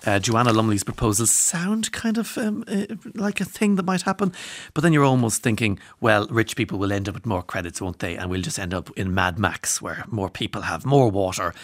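A man's voice: on the low side, expressive, brisk, no room sound. An Irish man presenting a radio show from a studio, chatting casually with rambling asides and self-deprecating humour while reading out listener texts. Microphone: studio microphone.

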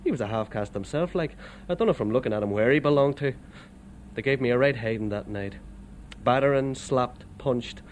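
A man with an Irish accent, telling of his rough times in plain, wry storytelling with local turns of phrase. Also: medium pitch, a little fast, a little mellow, a little hiss or hum. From Ireland. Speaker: immigrant worker. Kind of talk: storytelling testimony.

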